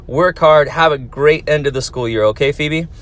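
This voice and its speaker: A man's voice: mid-range voice, normal speed. Friendly man answering viewer comments. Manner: friendly, encouraging, talks to kids. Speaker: teacher and YouTube host reading viewer comments. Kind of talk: casual chat reading comments aloud.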